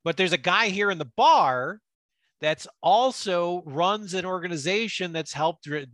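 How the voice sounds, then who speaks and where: A young man co-hosting a podcast, casually recapping a film in an animated, riffing way with frequent restarts. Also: a little high, no echo. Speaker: podcast co-host.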